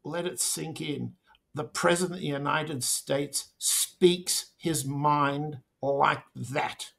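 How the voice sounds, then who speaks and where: Slow, gravelly-voiced man commentating. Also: on the high side, steady tone, fairly bright tone. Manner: slow, deliberate, with pointed emphasis. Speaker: interview guest. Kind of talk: political commentary interview.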